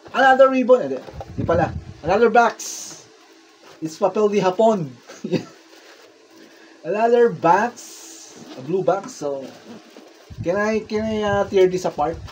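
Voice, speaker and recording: A woman with a Filipino accent, unboxing a gift on her vlog, excitable and gushing, switching between English and Tagalog. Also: fairly low pitch, a little hiss or hum. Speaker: vlogger. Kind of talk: casual unboxing commentary.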